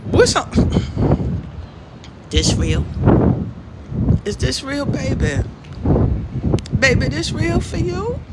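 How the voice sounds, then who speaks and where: Woman livestream host, high and swooping, loud joking sermonizer, street traffic noise behind. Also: huge pitch swings, takes it slowly, long pauses. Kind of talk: casual livestream chat. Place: outdoors in the sun.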